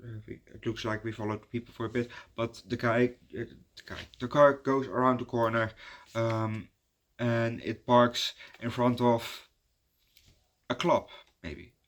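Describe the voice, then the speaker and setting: Male movie reviewer at a mid pitch, chatting loosely and hesitantly with frequent ums and restarts. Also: little pitch movement, measured pace. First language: Dutch. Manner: rambling and hesitant, many fillers and restarts. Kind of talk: casual spoken movie review.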